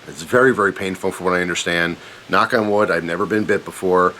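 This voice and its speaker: A man casually telling a personal story on his channel, animated and self-mocking, rambling with fillers. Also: deep voice, fast talker, a little hiss or hum. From Pennsylvania, USA.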